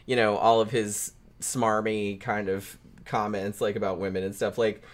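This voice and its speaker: A man's voice: fairly low pitch, little pitch movement, moderate pace. A man co-hosting a podcast, chatting casually about a film, rambling and swearing often. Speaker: podcast co-host. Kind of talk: casual film review chat.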